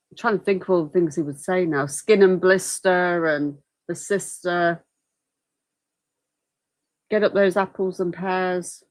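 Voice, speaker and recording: A woman with a lowish voice hosts a livestream commenting on a trial, chatting casually and rambling, with apologetic asides. The recording quality is low.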